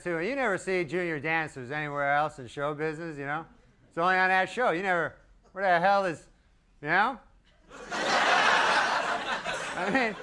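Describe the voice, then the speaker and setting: A man doing a stand-up comedy set in a deadpan, rambling way with long asides. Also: high-pitched, smooth. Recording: live club recording with crowd laughter and noise. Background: audience laughing.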